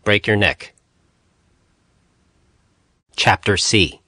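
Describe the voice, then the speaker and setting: A man narrating an audiobook, reading dictionary entries in short, measured phrases. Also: lowish voice, pushed and bright, dry recording, clean studio sound.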